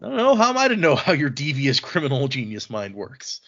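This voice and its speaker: A man's voice: mid-range voice, wildly swooping pitch, a little fast, a bit bright, lo-fi sound, exaggerated voice. A man voicing a brash young male rogue lawman with a Cockney accent, teasing and mock-suspicious. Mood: cheeky, needling.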